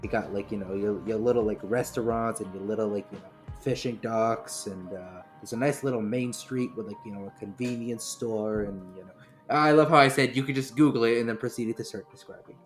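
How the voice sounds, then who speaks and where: A man's voice: lowish voice, brisk, faint music behind. A man chatting casually as a player in a tabletop game, talking in loose run-on phrases full of filler words. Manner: chatty, full of "like, you know".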